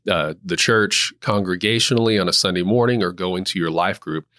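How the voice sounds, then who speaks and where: A man with a low voice hosts a casual Bible study discussion in a measured way. He puts questions to his co-host and affirms him gently. The sound is dry and close-miked. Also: no echo. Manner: measured, reads scripture aloud and asks questions, gentle affirming fillers. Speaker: church host.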